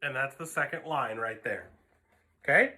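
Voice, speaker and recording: A man's voice: mid-range voice, normal speed. A man giving a patient music lesson, counting beats aloud and explaining notes to his students. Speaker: string teacher. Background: violin playing.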